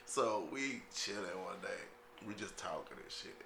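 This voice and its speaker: Cussing guy spinning a family yarn, bright sound, faint noise behind. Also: on the low side, expressive, moderate pace, gravelly. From Louisiana. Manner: profane, laid-back storytelling, mimics his grandpa. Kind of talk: casual storytelling chat. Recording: echoey room with faint background noise.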